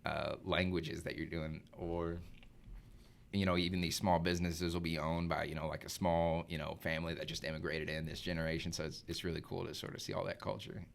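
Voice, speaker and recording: A young man, chatting as a podcast guest, relaxed and rambling. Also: low voice, brisk, vocal fry. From Arkansas. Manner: relaxed, rambling, laughs often. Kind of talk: casual chat.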